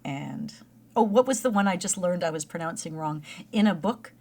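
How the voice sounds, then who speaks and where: Chatty Canadian woman, lowish voice. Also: lively intonation, moderate pace, vocal fry, a little mellow, slightly rough. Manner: chatty, laughs often, storytelling. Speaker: podcast co-host. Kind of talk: casual chat.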